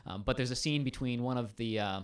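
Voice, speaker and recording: A man's voice: mid-range voice, a little fast, smooth. A male teacher in a casual conversation, explaining at length in a thoughtful way with frequent ums and restarts.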